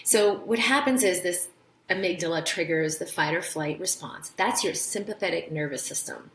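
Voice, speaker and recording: A woman's voice: on the low side, moderate pace, reverberant. A woman doctor hosting a casual live-stream talk, explaining health ideas and telling stories with acted-out voices. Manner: animated storytelling, acts out quoted voices. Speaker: doctor and show host.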